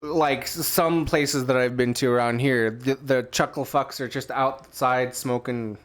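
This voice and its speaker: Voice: mid-range voice, steady tone, a little slow. A podcast co-host reading news headlines aloud in a casual, profane, joking chat. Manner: playful, profane, acts out scenes in funny voices.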